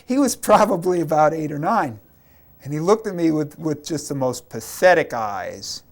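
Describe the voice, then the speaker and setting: A man, an army chaplain, telling war stories in an interview, animated and repeating words as he acts out quotes. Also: on the high side, normal speed, creaky.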